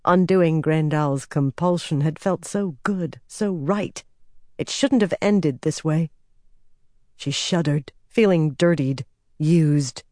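A man narrating a fantasy novel as an audiobook in an even, steady storytelling manner. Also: on the high side, slow pace, no room sound, clean studio sound.

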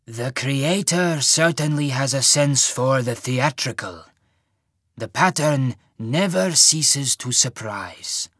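Guy doing a slow creepy-kind old mage lord, dry close sound. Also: mid-range voice, expressive, slightly rough, no room sound, full character voice. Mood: genially menacing. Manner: slow, measured, softly menacing. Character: old rotund male mage lord, genial and sinister.

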